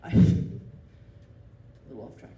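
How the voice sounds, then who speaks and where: A man doing live stand-up, telling a story in a rambling, animated way. He often laughs as he talks and breaks off into asides and restarts. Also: moderate pace, far from the mic. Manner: self-interrupting with restarts and asides. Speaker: stand-up comedian. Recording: roomy venue taped from afar. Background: audience laughter and room noise.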